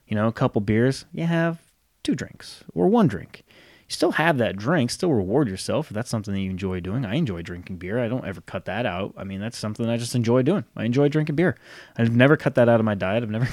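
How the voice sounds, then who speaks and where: A man's voice: lowish voice, darkish tone, dry recording, clean studio sound. A man in his thirties talking casually about fitness goals, giving motivational tips and acting out what friends might say. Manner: conversational, acts out quoted friends.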